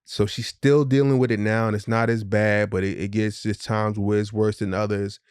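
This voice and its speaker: A middle-aged man tells a long personal story on a podcast, candid and a little profane, slipping into the voices of the people he quotes. His voice sits low, and the recording is close and dry, with no room sound. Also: flat delivery, moderate pace, a little mellow, clear, resonant tone, no room sound. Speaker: podcast co-host. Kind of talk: casual storytelling chat.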